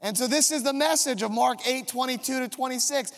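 High, gravelly pastor in a big hall. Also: male voice, brisk, fairly bright tone. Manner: self-mocking, comic storytelling. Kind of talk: storytelling sermon. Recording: long reverb of a large hall.

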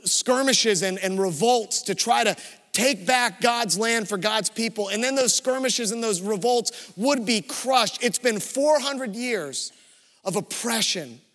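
A man preaching a sermon as pastor, telling stories in a lively way. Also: sits high, big-room sound.

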